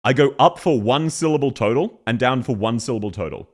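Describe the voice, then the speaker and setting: A man's voice: mid-range voice, lively intonation, a little fast. A young Australian man with an Australian accent, casually reacting on a stream, laughing often and swearing as he imitates voices.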